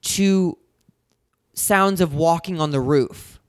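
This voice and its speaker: Smooth-voiced man telling a story. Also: on the high side, takes it slowly, no room sound, clean studio sound. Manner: animated, dramatic storytelling with quoted asides. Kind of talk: casual chat, storytelling.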